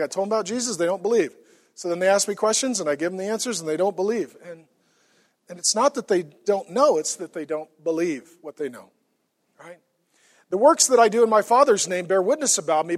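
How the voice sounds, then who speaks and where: High-voiced emphatic male preacher. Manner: emphatic, swinging from hushed to loud repetition. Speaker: pastor. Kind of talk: sermon.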